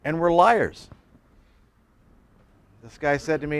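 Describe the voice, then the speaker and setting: A man's voice: a little high, takes it slowly, smooth. A man in his sixties, a pastor, giving a folksy sermon at a men's breakfast, telling stories with jokes and acting out quotes.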